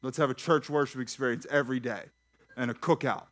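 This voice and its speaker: A pastor preaching a sermon in church, lively and talking straight to the congregation with questions and jokes. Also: male voice, medium pitch, brisk. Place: church sanctuary.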